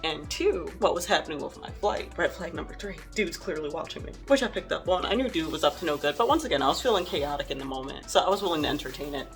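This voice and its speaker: A woman's voice: sits low, animated, quick pace, creaky, hardly any pauses, faint music behind. A young woman telling a storytime vlog in a sassy, dramatic, mocking way. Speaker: vlogger.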